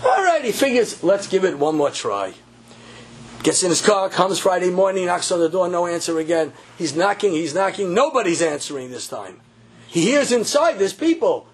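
A man telling a story in a sermon, animated and repeating phrases for emphasis. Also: sits high, moderate pace, breathy edge. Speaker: religious teacher.

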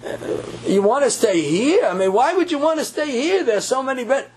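Poor, apologetic housewife, slow and halting, as a man puts her on. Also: very high-pitched, animated, slightly rough, voice pushed up, exaggerated voice. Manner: hesitant, self-deprecating.

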